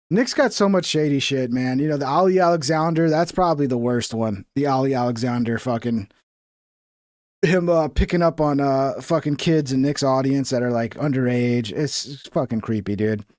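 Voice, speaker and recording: A man's voice: medium pitch, a little mellow, no echo. Profane, sarcastic male streamer, dry sound. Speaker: streamer host. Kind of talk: casual political reaction commentary.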